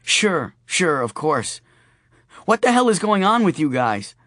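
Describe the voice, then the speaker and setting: A man's voice: on the high side, very animated, measured pace, a bit bright, no echo, studio quality, pitched above the performer's own voice. A man voicing a brash, swearing sister. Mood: blunt. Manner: brusque, teasing and swearing. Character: blunt brash adult woman, sister.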